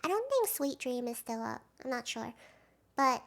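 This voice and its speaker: A young woman doing casual video commentary as a fan, rambling and emotional, swinging between hushed talk and excited outbursts. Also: a little high, moderate pace, vocal fry. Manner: rambling, with fillers and restarts.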